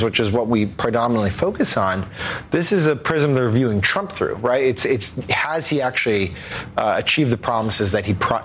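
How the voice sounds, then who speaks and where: A man's voice: mid-range voice, a little hiss or hum. A man appearing as a guest analyst on a political talk show, hesitant with many fillers.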